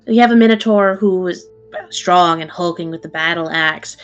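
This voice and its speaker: A woman's voice: fairly low pitch, moderate pace, clear, resonant tone, lo-fi sound, faint music behind. Woman narrating a tabletop game. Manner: lively, casual narration with fillers. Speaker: game master.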